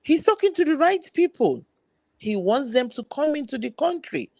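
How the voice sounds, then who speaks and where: A woman's voice: high-pitched, sing-song, moderate pace, creaky, mellow, no echo, dull audio. A woman on a political discussion panel, earnestly defending her view in casual talk.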